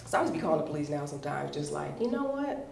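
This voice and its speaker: A woman doing a stand-up comedy set at a comedy show, telling stories in a brash, profane, animated way. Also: deep voice, fast, vocal fry, a little hiss or hum. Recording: roomy venue sound, mic at a distance.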